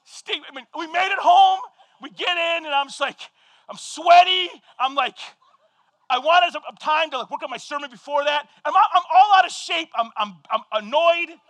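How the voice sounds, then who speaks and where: A man with a very high voice preaches a sermon, swinging from quiet scripture reading into loud, animated storytelling. The sound is dry and close, with no room echo. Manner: animated storytelling, shouting at peaks, quick asides. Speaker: pastor.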